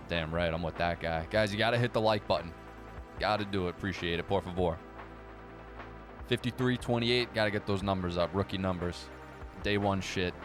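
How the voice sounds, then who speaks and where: A man's voice: deep voice, normal speed, over music. A man hosting a casual livestream, reading viewer chat and answering with profane, sarcastic banter.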